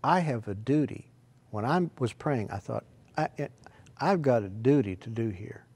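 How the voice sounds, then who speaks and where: A man preaching a sermon, swinging between quiet, hushed asides and loud, emphatic exclamations. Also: mid-range voice, expressive, moderate pace, husky.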